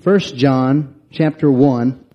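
A man's voice: mid-range voice, extremely slow, highs cut off. A man preaching a sermon, reading scripture aloud and explaining it verse by verse.

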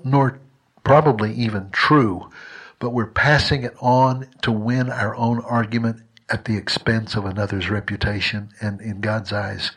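A man delivers a sermon in a husky, slightly breathy voice at a middle pitch. He speaks conversationally and earnestly, often restarting his phrases as he works through a story, then pressing his points with emphasis. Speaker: preacher.

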